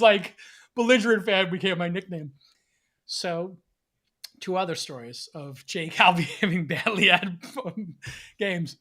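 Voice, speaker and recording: A man hosting a podcast, telling a casual story in an animated way, laughing now and then. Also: a little high. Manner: animated, laughs between lines. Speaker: podcast host.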